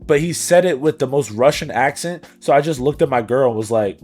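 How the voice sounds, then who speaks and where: A man's voice: medium pitch, expressive, a little fast, a little mellow, faint music behind. Laid-back young man, rambling podcast chat. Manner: laid-back, rambling, says bro constantly, laughs often. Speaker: podcast co-host. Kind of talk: casual chat.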